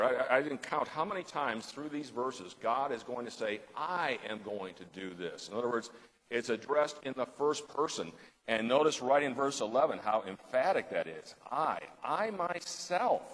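A man leads a Bible study, alternating scripture reading with loose, conversational explanation. He stumbles into restarts and leans hard on key words. His voice sits at an ordinary male pitch, with a long reverb tail from the hall around him.

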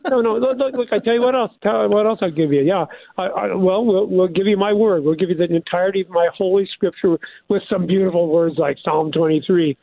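God, warm-hearted and folksy, a man voicing him over a tinny phone call, his voice up high and gravelly as he eagerly piles on one offer after another. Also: fairly quick, few pauses, no room sound. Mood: generous. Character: God, generous heavenly father offering gifts.

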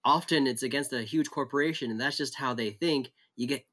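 A man's voice: mid-range voice, fairly quick, fairly bright tone. A man talking through scripture in a conversational Bible study. He speaks reflectively and often restarts his sentences while he thinks aloud. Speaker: pastor.

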